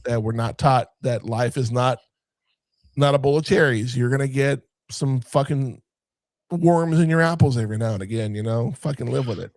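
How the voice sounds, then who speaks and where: A man talking casually about a film on a podcast, recapping scenes in a profane, animated way. His voice sits at a middle pitch, and the sound is dry and close with no room echo. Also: moderate pace. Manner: profane, animated retelling of scenes with mimicked lines. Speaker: movie review podcast co-host.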